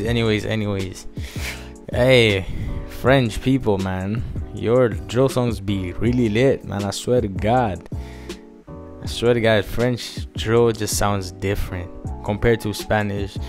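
A young man casually chatting in an energetic, slangy way while reacting to music on his vlog, with a lot of repeated phrases. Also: lowish voice. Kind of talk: casual hyped-up vlog chat. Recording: faint music behind.

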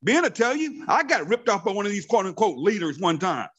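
A man's voice: high-pitched, very animated, brisk, fairly bright tone, slightly rough. A man in his fifties leads a motivational training call as a network marketing team leader. He talks in a fervent, preachy way and drives points home by repeating his phrases.

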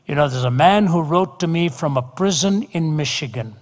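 A man delivers a sermon with emphatic repetition, his voice sitting somewhat high for a man. The sound carries a long hall reverb, as if recorded in a large auditorium. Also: moderate pace. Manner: emphatic, repeats words for effect. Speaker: preacher.

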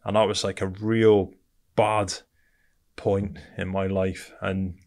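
A man's voice: deep voice, flat delivery, slow pace, darkish tone. A man from Britain, a podcast guest telling his story bluntly and candidly, swearing often and calling the host mate.

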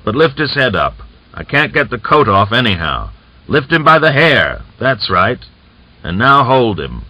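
A man voicing a hoarse, callous male Cossack who talks in a rough, offhand, boastful way. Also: medium pitch, very animated, unhurried, sharp tone, no echo, voice pushed up, heavily acted. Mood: gruff. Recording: dull lo-fi audiobook recording.

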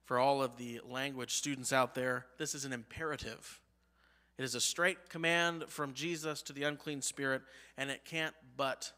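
Emphatic pastor with reverb. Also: male voice, fairly high pitch, sharp tone. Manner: emphatic, with rhetorical questions to the congregation. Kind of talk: sermon. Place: church sanctuary.

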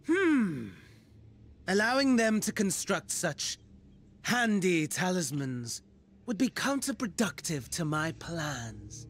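A sly, musing game villain. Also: male voice, high-pitched, big pitch swings, slow pace, a bit bright, exaggerated voice. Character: scheming male villain, morbidly curious. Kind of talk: video game voice acting.

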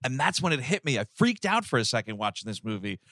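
A man's voice: medium pitch, sing-song, quick pace, pushed and bright, no room sound, clean studio sound. A man hosting a comedy movie podcast, telling the plot with swearing and acted-out lines. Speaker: podcast host. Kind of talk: casual comedic movie discussion.

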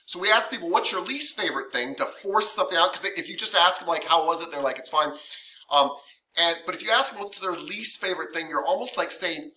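A man teaching a massage therapy class, chatty and emotional, acting out what clients say. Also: brisk. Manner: animated, emotional, chatty with many fillers; acts out quoted clients in higher voices. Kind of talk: classroom lecture.

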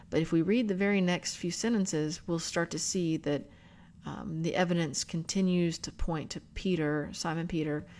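A woman with a somewhat low voice teaches a scripture lesson for her book club. She goes step by step, pausing over each word to explain it. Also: a little mellow. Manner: careful, explanatory, spells out Greek words. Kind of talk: scripture study talk.

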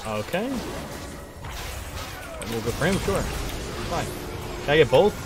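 A young man giving playful, excitable live commentary on his own video game match, trash-talking and hyping himself up. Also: a little high, measured pace, over music. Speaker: gaming streamer.

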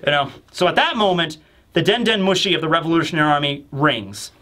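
A man's voice: on the high side, animated, fast, bright, forceful tone. A man hosting a casual manga chapter review, rambling and chatty with many fillers.

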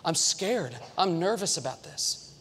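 A man's voice: high voice, expressive, a little slow, a bit bright, a little hiss or hum, heavily acted. A preacher voicing a frightened Israelite father who stammers anxiously about his only son, in a reverberant church. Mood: fearful.

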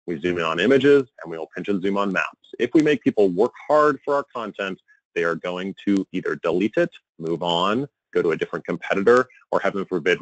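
A man giving a conference presentation, animated and exasperated, with a joking edge. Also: low-pitched, no room sound, highs cut off. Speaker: conference speaker on email marketing.

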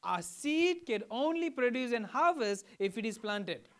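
A man's voice: very high voice, sing-song, measured pace, fairly bright tone. A man from Fiji preaching a sermon to a congregation, teaching in a conversational way and often checking in with questions. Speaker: pastor.

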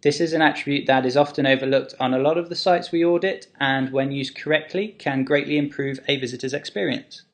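Man explaining a web tutorial. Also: mid-range voice. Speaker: web developer.

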